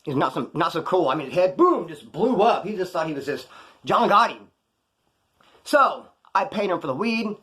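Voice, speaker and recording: Here a man from California with a high-pitched voice talks at normal speed, telling casual prison stories to camera. He uses plenty of slang, stays animated, and acts out what others said.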